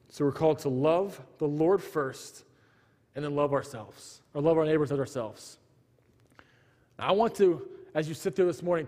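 A man's voice: a little high, big-room sound. A man in his thirties preaching a sermon, earnestly telling a family story and acting out the dialogue.

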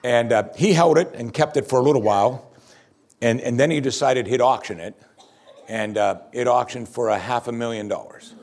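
Guy preaching a sermon, kinda husky, gets loud and punchy on the big lines. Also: mid-range voice, moderate pace. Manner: emphatic, rising to loud repeated exclamations. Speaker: pastor.

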